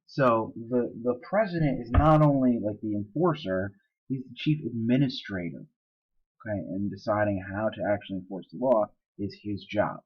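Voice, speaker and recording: A man's voice: mid-range voice, husky, lo-fi sound. A man teaching social studies in a casual, explanatory recorded lecture, with fillers and asides.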